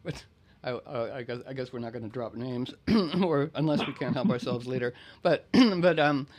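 A man hosting a relaxed talk, musing his way through ideas with many restarts and the odd throat-clear. His voice sits at an ordinary middle pitch, steady and unforced. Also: normal speed. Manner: discursive, reflective, often clears throat. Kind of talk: casual conversation.

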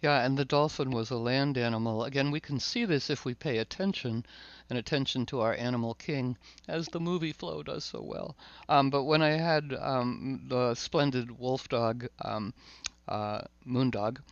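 Rambling, excitable man on a dull line. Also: mid-range voice, normal speed, dry recording. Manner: searching, repeats words, excitable asides. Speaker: host. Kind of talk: casual spiritual conversation.

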